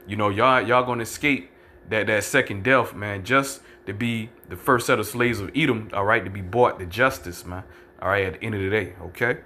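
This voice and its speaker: Forceful low-voiced profane preacher. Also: male voice, slight background noise. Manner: profane, combative, fills every phrase with "man"; reads scripture verses slowly and deliberately. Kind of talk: fiery street-style preaching with scripture reading.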